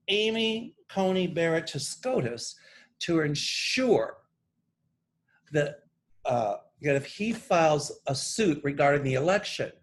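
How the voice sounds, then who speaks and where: A man working as a psychic, speaking straight to camera and reading channeled messages from his notes in an earnest, emphatic way. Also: on the high side. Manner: deliberate, pointed, emphatic political commentary. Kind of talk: earnest monologue read from notes.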